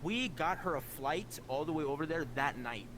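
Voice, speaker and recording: A man's voice: a little high, animated, normal speed, background noise. A young man telling a personal story on a voice chat, earnest and full of "like" fillers, his voice leaping up whenever he quotes himself. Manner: earnest, heavy use of "like" fillers, voice jumps up when quoting himself. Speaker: guest.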